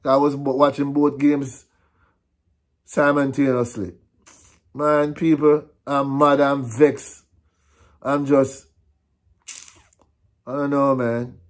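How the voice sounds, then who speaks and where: A man's voice: medium pitch, level tone, takes it slowly, pauses often. A Jamaican man ranting on his vlog, frustrated and repetitive, slipping between patois and English. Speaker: vlogger.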